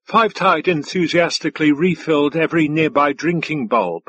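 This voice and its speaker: A man reading science-fiction narration in a measured, deliberate manner on a close studio mic. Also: on the high side, fairly bright tone. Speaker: audiobook narrator. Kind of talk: scripted narration.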